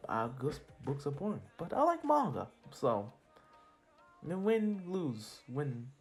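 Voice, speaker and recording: A man slowly and casually telling a fan story out loud, with a slightly high voice. He rambles, backtracks and laughs at his own slips, while soft lofi music plays under him. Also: wildly swooping pitch. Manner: rambling, self-correcting, laughs at himself.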